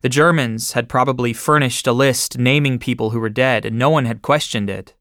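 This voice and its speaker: A man's voice: medium pitch, a little fast, dry recording. Man narrating a memoir, dry close sound. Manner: steady first-person storytelling.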